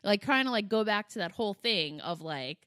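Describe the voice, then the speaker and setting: A woman's voice: mid-range voice, animated, a little fast, bright, forceful tone, clean tone, no echo, clean studio sound. A woman in her thirties telling a story to her podcast co-host, swearing a lot and acting out her son's whining. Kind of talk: casual chat.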